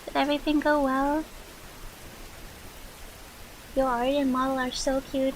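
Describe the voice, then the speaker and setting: A woman's voice: high voice, monotone, normal speed, few pauses, slight background noise, low-quality recording. A young woman streamer chatting casually with viewers while drawing, swearing freely and reacting to chat.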